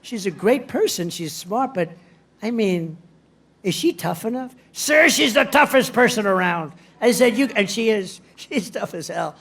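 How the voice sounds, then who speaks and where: A man's voice: high-pitched, lively intonation, a little slow, fairly bright tone. A man giving a rally speech in a rambling, boastful, digressive way. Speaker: politician addressing a rally.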